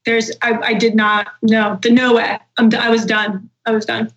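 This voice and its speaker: A woman's voice: a little high, moderate pace, dull audio. A woman guest on a podcast telling a story animatedly, acting out what she said and swearing freely. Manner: animated, swears, acts out quotes. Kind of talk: casual storytelling.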